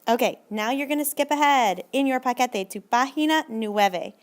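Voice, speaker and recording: This woman's voice sits on the high side as she leads a recorded video lesson. Cheerful and encouraging, she slows down to draw out her Spanish examples.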